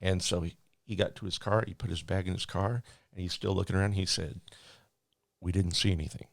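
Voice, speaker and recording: A man working as a flight attendant, telling a story in a rambling, animated way with many restarts. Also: low voice, fast talker, vocal fry, dry recording. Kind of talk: casual storytelling.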